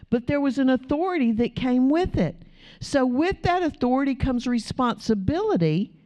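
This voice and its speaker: Mellow-voiced woman preaching. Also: mid-range voice. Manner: animated storytelling, acting out quotes. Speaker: pastor. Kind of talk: sermon.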